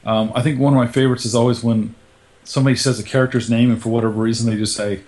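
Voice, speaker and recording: A young man co-hosts a relaxed podcast conversation. His voice sits at an ordinary middle pitch, and he talks in an easygoing, animated way, dropping into little acted-out quotes. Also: racing. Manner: chatty, animated retelling with put-on quotes. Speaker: podcast co-host. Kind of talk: casual chat.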